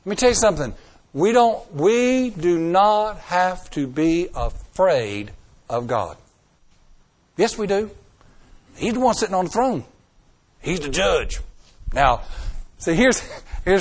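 High-voiced preacher, emphatic. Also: male voice, very animated, a little slow, pauses often. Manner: emphatic, dramatic swings in loudness and pace, rhetorical questions. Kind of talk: sermon.

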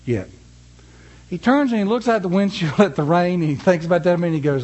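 A man with a fairly high voice delivers a sermon. He reads scripture slowly with weight on each phrase, then shifts into a folksy, conversational story. His delivery is that of a preacher addressing a congregation. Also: expressive, darkish tone.

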